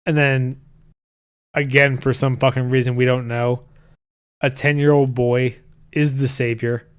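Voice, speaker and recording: A man's voice: medium pitch, level tone, unhurried, smooth. Profane, easygoing man chatting. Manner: loose and profane, with frequent restarts. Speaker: podcast host. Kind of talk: casual chat reading live comments.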